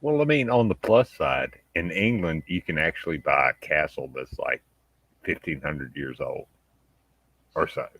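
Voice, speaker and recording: A man's voice: rumbling low, expressive, unhurried, fairly bright tone, breathy edge, no room sound. A man chats in a laid-back, joking way. The recording is dry, with no room sound. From United States. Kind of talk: casual chat.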